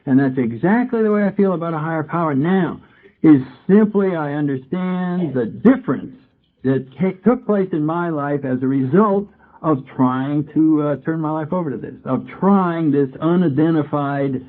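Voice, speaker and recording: A man's voice: on the high side, normal speed. Man sharing his recovery story at a meeting, chatty, acts out old conversations; lo-fi tinny tape. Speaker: AA speaker.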